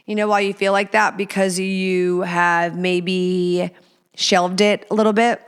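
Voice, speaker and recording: Woman host, chatty and profane, smooth clear tone, casual advice delivery. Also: fairly low pitch, flat delivery, slow pace. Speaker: podcast host.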